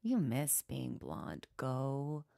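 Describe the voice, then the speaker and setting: A woman voicing a sly devil whispering temptations in a hushed, coaxing voice. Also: very deep voice, very animated, extremely slow, gravelly, no echo, studio quality, pitched below the performer's own voice, heavily acted.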